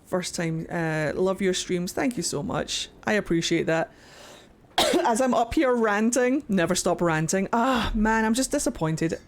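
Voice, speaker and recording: A young woman streaming a video game live, talking excitably to chat and swearing freely as she rants. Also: mid-range voice, measured pace. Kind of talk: live gameplay commentary.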